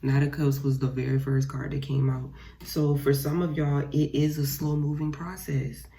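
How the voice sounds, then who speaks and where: Mellow-voiced woman giving a tarot reading. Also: rumbling low, little pitch movement, normal speed. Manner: blunt and profane, repeats phrases, talks straight to viewers. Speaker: tarot reader. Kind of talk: casual spoken tarot reading.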